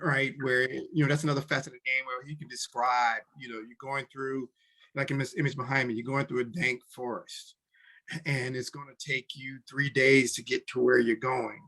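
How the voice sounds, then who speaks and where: A man's voice: medium pitch, flat delivery, normal speed, pushed and bright. A man in casual chat explaining tabletop game rules, often restarting sentences and briefly acting out character lines. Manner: talks in restarts, acts out short character lines. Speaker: podcast co-host explaining tabletop games.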